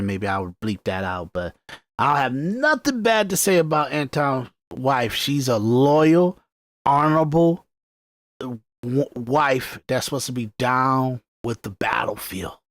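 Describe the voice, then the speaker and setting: A man from Detroit hosting a podcast, talking in animated, repetitive, emphatic commentary. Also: medium pitch, no room sound. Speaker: podcast host.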